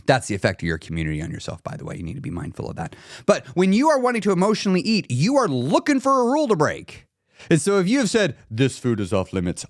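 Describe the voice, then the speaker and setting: A man teaching casually on a live stream, lively and animated, his pitch leaping around as he talks. He laughs often and slips into acted-out voices. The sound is close and dry. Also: no room sound. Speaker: coach hosting a live stream.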